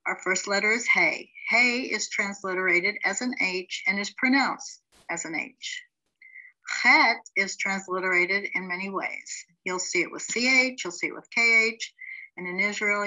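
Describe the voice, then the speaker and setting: A middle-aged woman teaching a beginners' language class, sounding out each word syllable by syllable in a steady, instructional way. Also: mid-range voice, lo-fi sound. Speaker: Hebrew teacher.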